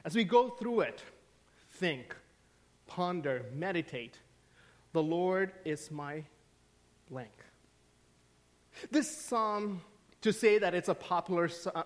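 A man preaching a sermon as pastor, telling stories and swinging from hushed, quiet lines to emphatic questions. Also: a little high. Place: church sanctuary.

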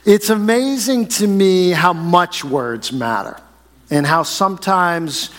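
A man in his forties preaches in a church sanctuary with a slightly high, conversational voice, tossing questions to the pews and drawing out key words. A long reverb hangs after each phrase. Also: animated. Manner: conversational, asks the congregation questions, slows to stress key phrases. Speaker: pastor. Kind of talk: sermon with jokes and a story.

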